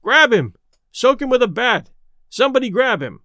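A man voicing a panicky team manager shouting orders. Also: extremely high pitch, big pitch swings, moderate pace, no room sound, clean studio sound, voice pushed up, full character voice. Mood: frantic. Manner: frantic shouting.

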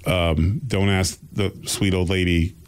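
A man's voice: low-pitched, flat delivery, slow, clean tone, faint music behind. A man co-hosting a podcast who tells a long story casually, in a loose, rambling way full of fillers like "like" and "right?". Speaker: podcast co-host.

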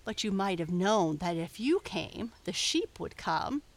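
A woman's voice: medium pitch, big pitch swings, drawn-out words, dark tone, heavily acted. A woman voicing a reproachful ewe in a storybook reading. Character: complaining ewe, reproachful flock sheep.

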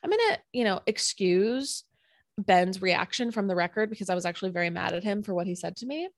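A young woman co-hosting a podcast, telling a story in a casual, animated way, full of fillers and acted-out quotes. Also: medium pitch, brisk, no echo. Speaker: podcast co-host.

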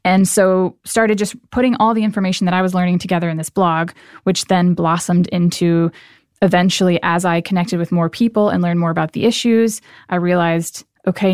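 A woman's voice: on the low side, darkish tone, smooth, no echo, clean studio sound. A woman in her thirties from the United States, a guest in an interview, explaining things earnestly and conversationally. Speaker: guest, nonprofit founder.

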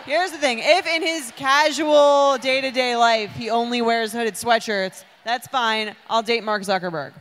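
A woman's voice: a little high, unhurried, hardly any pauses, a bit bright. A woman co-hosting a live comedy show, giving wry opinions with a laugh. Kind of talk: live comedy panel banter.

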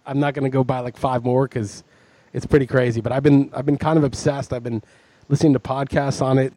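Husky, mellow-voiced man telling rambling stories. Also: medium pitch, flat delivery, a little fast, no room sound. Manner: rambling, self-mocking storyteller. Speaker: podcast co-host. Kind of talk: casual chat.

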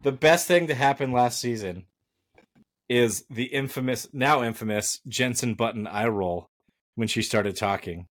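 A man co-hosting a casual podcast, blunt and animated, rambling with fillers as he talks. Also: medium pitch, a little slow. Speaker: podcast co-host.

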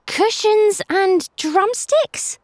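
A woman voicing a curious, excitable young boy in a kids' storybook podcast, with high, wide-eyed exclamations. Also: very slow, no echo, exaggerated voice. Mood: puzzled.

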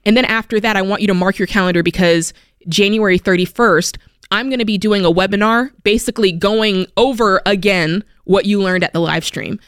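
A woman hosting a money advice radio show, talking in an energetic, motivational way and acting out quotes. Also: fairly quick, clear, resonant tone, no echo, studio quality. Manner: energetic, animated, acts out quotes in a higher voice. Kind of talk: upbeat motivational radio talk.

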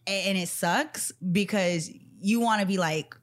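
A woman's voice: medium pitch, unhurried. A woman on a casual podcast with friends. She tells a personal story in a frank, chatty way, quoting others and laughing often. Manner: candid storyteller, quotes people, laughs easily. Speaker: podcast co-host. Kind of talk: casual chat.

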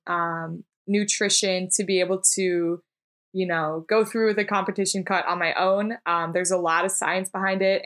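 A woman's voice: mid-range voice, a bit bright. A young woman from Minneapolis hosting a fitness podcast in casual chat, upbeat and agreeable. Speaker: podcast host and trainer.

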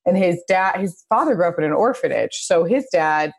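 A woman podcast host who tells a family story in a chatty, lively way with quick asides. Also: on the low side. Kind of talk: casual podcast conversation.

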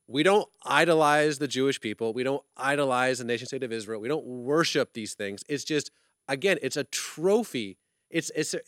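A male interview host speaks casually and with enthusiasm, dropping into slang as he goes. His pitch runs a little high for a man and swings widely as he talks. The recording is dry and close. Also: fairly bright tone, no room sound. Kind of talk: casual chat.

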